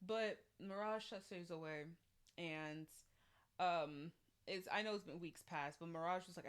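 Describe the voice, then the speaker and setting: Animated young woman recapping a show. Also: low-pitched, measured pace. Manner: animated and expressive, slangy, acts out quotes. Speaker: reality show reviewer. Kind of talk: casual recap vlog.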